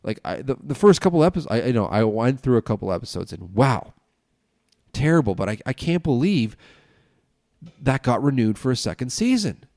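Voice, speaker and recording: A man's voice: medium pitch, big pitch swings, brisk, a little mellow, no echo, studio quality. A man hosting a casual solo podcast at home, ranting and swearing in a loose, tipsy way, his nose stuffed up. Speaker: podcast host.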